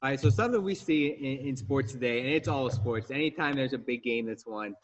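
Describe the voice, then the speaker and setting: A man hosting a student question-and-answer session, leading into questions briskly. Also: medium pitch, slight background noise. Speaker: interviewer, host. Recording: dull lo-fi sound.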